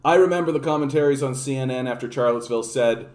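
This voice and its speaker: A Canadian streamer rants casually about politics, sarcastic and profane, rambling with fillers and restarts. He talks fast in a medium-pitched, slightly mellow voice, recorded in an echoey room.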